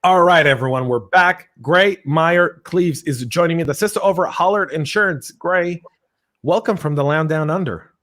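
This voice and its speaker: An American man hosting a podcast, energetic and animated, telling stories with playful voices. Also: fairly high pitch, moderate pace. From United States. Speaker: podcast host.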